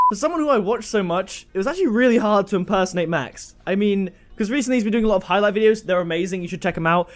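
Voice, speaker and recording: A man's voice: high voice, lively intonation, very fast, few pauses. A man YouTuber chatting casually and self-deprecatingly between impressions.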